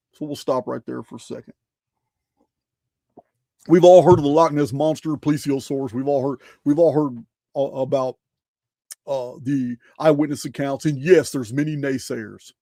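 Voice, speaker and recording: A man's voice: mid-range voice, creaky, warm tone, no echo, clean studio sound. A man hosting a show, talking casually over slides, emphatic and full of rhetorical questions, often restarting his phrases. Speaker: host presenting slides.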